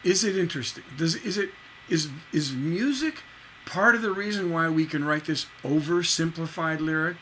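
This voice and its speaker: Bright, chatty man teaching songwriting. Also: fairly high pitch, a little hiss or hum, rough recording. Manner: chatty, rambling, repeats words, sings syllables to show rhythm. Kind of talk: casual livestream lesson.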